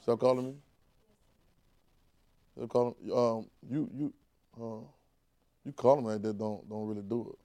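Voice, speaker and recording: A man's voice: medium pitch, fairly even intonation, unhurried, pauses often, warm tone, dry recording. A man preaching a sermon in a conversational, vernacular way, with frequent restarts and call-and-response with the congregation.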